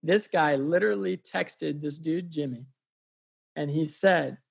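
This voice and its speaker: A man sharing a faith story as an excitable, chatty storyteller, with many fillers. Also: a little high, a little slow, creaky, breathy edge, dull audio. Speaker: faith coach. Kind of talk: animated storytelling testimony.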